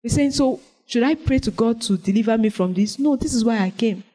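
Through a low-quality recording, a woman preaches a sermon at a brisk pace in a fairly high voice. Her animated delivery swings between loud exclamations and soft, prayerful lines.

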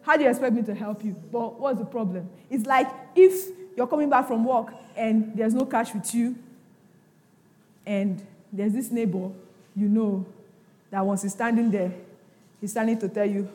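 Woman pastor, high voice, lively sermon in a reverberant hall. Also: moderate pace. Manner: animated, acts out quotes with sudden shouts and laughter.

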